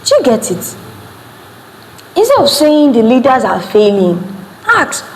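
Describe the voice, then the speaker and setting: A woman's voice: fairly high pitch, very animated, moderate pace. Emphatic Nigerian woman preaching in a hall. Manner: emphatic, repeats words, asks the audience questions. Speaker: youth speaker. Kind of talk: motivational teaching to a live group. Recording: long hall reverb, faint room noise.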